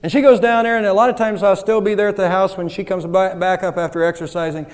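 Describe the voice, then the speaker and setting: A man preaching a sermon, his voice sitting high for a man. He talks in a conversational, self-deprecating way, and the sound rings with the long reverb of a church hall. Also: fairly even intonation, quick pace. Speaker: pastor.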